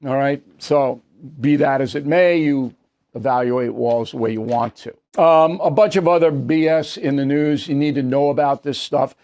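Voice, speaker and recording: A man's voice: medium pitch, normal speed, a little mellow. A male host giving opinionated news commentary in a blunt, combative and dismissive way.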